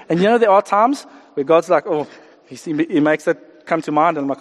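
A man preaching a sermon, animated, acting out the voices of the people he talks about. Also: on the high side, brisk, big-room sound. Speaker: pastor.

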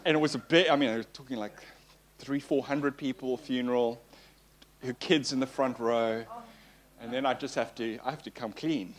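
A man's voice: medium pitch, fairly even intonation, moderate pace. A male pastor preaching in a conversational way, telling personal stories with a self-deprecating tone and frequent fillers.

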